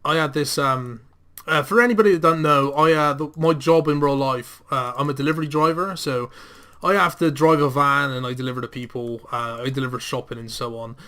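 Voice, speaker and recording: A young man talking casually over gameplay, telling a story with plenty of swearing and animated, rising delivery. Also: mid-range voice, fairly quick, clean tone. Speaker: gaming commentator.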